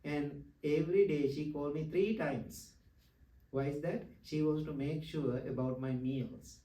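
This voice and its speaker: Animated monk in a roomy hall. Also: male voice, a little high, measured pace. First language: not English. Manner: animated, laughs often, broken English. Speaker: Buddhist monk teaching. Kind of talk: dharma talk with personal stories. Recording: roomy hall, distant mic.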